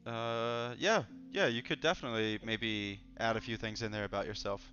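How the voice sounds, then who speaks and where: A man with a lowish, sharp-toned voice speaks at a normal pace while hosting a casual livestream. Joking and relaxed, he reads the chat out loud over dull, lo-fi audio and faint background music.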